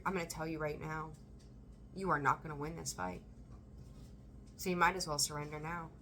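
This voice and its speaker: A woman reading tarot for her viewers, emphatic and animated, repeating phrases for emphasis and swearing now and then. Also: on the low side, a little hiss or hum. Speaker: tarot reader. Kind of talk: intuitive tarot reading to camera.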